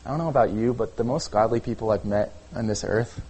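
A man's voice: lowish voice, fast, mellow, slightly rough, rough recording. Casual conversational male preacher. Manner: conversational preaching with frequent "okay?" and "like". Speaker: pastor. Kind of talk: sermon.

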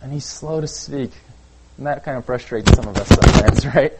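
A man preaching a sermon in a relaxed, conversational way, often checking in with "okay?" and using "like". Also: medium pitch, moderate pace, very noisy. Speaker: pastor.

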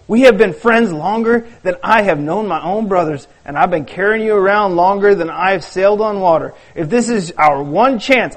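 A man doing a booming fisherman. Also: close to an everyday voice, rough recording. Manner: loud, fierce and forceful. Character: big booming fisherman, hot-tempered, loyal.

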